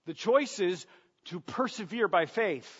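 A man's voice: high voice, expressive, measured pace, fairly bright tone, slightly rough. A man preaching a sermon as pastor, earnest, asking rhetorical questions and repeating words as he goes. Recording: dull sound, long reverb of a large room.

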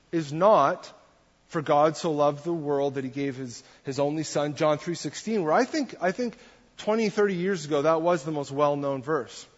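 A man with a fairly high voice preaches a relaxed, chatty sermon, often turning questions back to the congregation. The sound is dull and lo-fi, with a long reverb hanging in the church hall. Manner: conversational, asks the audience questions. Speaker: pastor.

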